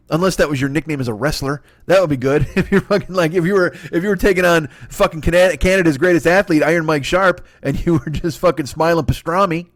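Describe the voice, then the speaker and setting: Guy comedian ranting and cussing, high voice that jumps all over, dead dry sound. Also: no echo. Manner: profane, exasperated ranting. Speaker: comedian host. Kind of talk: solo comedy rant.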